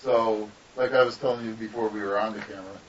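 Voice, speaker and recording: A man's voice: fairly low pitch, fairly even intonation, fast talker. A man, a guest artist, telling rambling, profane stories in a casual podcast interview. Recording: distant, dull lo-fi mic with faint hiss.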